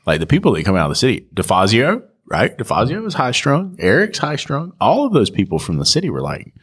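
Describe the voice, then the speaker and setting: A man's voice: medium pitch, huge pitch swings, brisk, fairly bright tone, breathy edge. A man, a podcast co-host and shop owner, telling stories in casual chat and acting out customers' voices.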